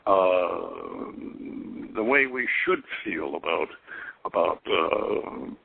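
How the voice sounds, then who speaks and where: A man's voice: low-pitched, lively intonation, very slow, gravelly, husky. An older man hosting a call-in radio show, rambling and repeating words as he muses, with frequent chuckles. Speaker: radio host. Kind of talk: call-in radio talk on occult philosophy. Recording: dry tinny phone-like radio sound.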